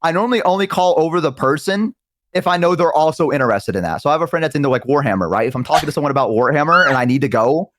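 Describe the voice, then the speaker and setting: A young man in casual chat, telling excitable stories and acting out his friends in quick high voices. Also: background noise. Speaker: guest. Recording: live stream.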